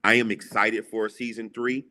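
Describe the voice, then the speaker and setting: A man's voice: lowish voice, flat delivery, normal speed, sharp tone. A man giving an emphatic, preacherly motivational talk as a guest entrepreneur, repeating lines for emphasis. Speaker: guest, entrepreneur and TV show creator.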